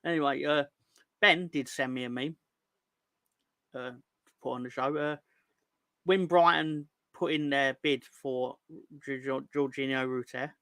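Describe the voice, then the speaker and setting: On a football fan livestream, a man with a medium-pitched, fairly bright voice speaks at a measured pace with long pauses, no echo. He jokes and rambles through viewer comments, putting on silly voices, stumbling over words and starting again.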